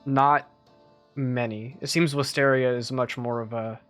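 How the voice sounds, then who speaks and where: A man's voice: mid-range voice, fairly even intonation, fairly bright tone, lightly acted. A man voicing a polite, apologetic young male student from a church, in a tabletop game with guitar music behind. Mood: friendly. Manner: apologetic, friendly, slightly halting.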